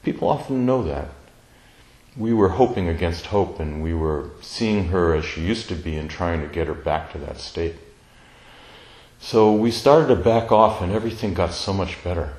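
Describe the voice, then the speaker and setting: A man telling a personal family story in a slow, tender, reflective way, pausing often. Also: low-pitched, darkish tone, reverberant, rough recording. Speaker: speaker sharing a personal story.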